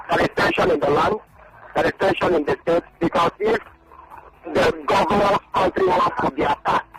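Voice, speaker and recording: A man speaks as a journalist guest, with a fairly high voice that swings widely in pitch. His tone is gravelly, and he drives his points home by repeating them. Loud music plays behind him. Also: low-quality recording. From Nigeria. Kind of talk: phone-in radio interview.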